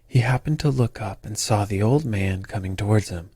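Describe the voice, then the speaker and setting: Low, husky male sleep-story narrator. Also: moderate pace, mellow, no echo. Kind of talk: calm bedtime story narration.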